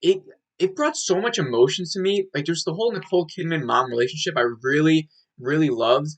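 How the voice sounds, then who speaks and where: A man's voice: a little high, a little fast, poor audio. A young man giving a rambling, casual movie review, full of filler words and swearing.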